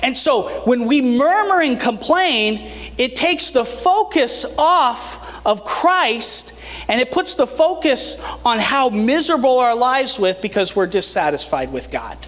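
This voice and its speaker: A high-voiced man preaches with earnest, animated conviction and a touch of humor. His voice carries a long, lingering reverb from the church hall around him. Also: a little slow. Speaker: pastor. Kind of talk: sermon.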